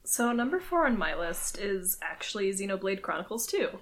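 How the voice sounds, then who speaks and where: A woman's voice: mid-range voice, big pitch swings, normal speed, fairly bright tone. A woman co-hosting a podcast in casual chat, chatty and laughing often. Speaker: podcast co-host.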